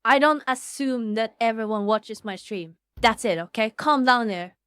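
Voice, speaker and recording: Excitable swearing woman streamer. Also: on the high side, unhurried, smooth, dry recording, studio quality. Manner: swears a lot, excitable, jumps between loud outbursts and mumbling. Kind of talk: casual livestream chat.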